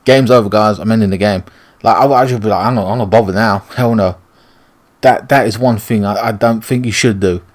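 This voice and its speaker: A man's voice: lowish voice, a little fast. A British man ranting and swearing as he comments on a video game he is playing. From Britain. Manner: ranting, profane. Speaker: gaming YouTuber. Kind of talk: let's play commentary.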